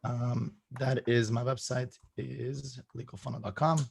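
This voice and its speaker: A man presenting to a group on a video call, hoarse from losing his voice, upbeat and laughing between points. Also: medium pitch, fairly even intonation, unhurried, slight background noise. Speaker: guest presenter.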